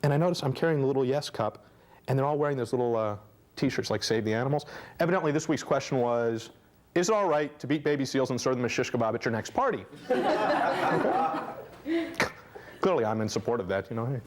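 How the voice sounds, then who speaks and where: A man's voice: mid-range voice, animated, fast, pauses often. A young man doing a chatty stand-up comedy routine for a student audience, laughing at his own jokes. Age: young adult. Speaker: stand-up comic host. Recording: faint noise, 1990 student TV tape.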